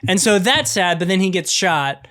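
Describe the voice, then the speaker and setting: A man's voice: sits high, lively intonation, moderate pace, a bit bright. A man co-hosting a podcast, talking casually about a film and rambling through scenes with many restarts. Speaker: podcast co-host. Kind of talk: casual film review chat.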